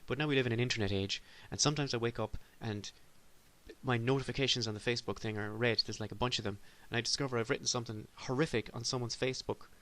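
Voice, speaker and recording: A man's voice: mid-range voice, steady tone, fast, fairly bright tone. A man from Ireland hosting a solo comedy podcast, rambling in a self-deprecating way with sudden exasperated outbursts. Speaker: podcast host.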